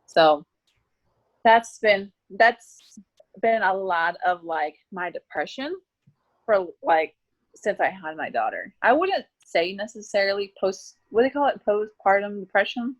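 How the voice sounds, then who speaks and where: A woman's voice: medium pitch, expressive, measured pace. A woman in her twenties, talking casually as an interview guest and saying "like" often. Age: 20s. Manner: chatty, heavy use of "like".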